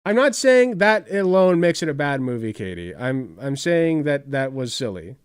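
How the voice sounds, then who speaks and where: A man's voice: mid-range voice, very animated, moderate pace, clean tone, no echo, studio quality. A man chatting casually on a live stream, rambling and swearing with many filler words while reacting to videos.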